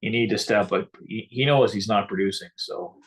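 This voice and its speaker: A man with a low, husky voice talks through a hockey game in a relaxed, offhand live-stream chat. He drops dry asides between his opinions. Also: normal speed. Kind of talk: casual hockey watch-along chat.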